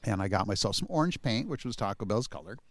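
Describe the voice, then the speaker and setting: A middle-aged man telling a long story in casual chat, halting and chuckling as he goes. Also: lowish voice, animated. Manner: rambling, halting, chuckles often. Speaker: podcast co-host telling a story.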